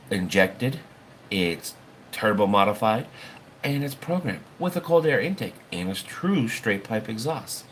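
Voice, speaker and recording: A man's voice: fairly low pitch, expressive, slow pace, long pauses, fairly bright tone, slight background noise. A man hosting a livestream, chatting casually in a rambling, folksy way and swearing now and then. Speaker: livestream host.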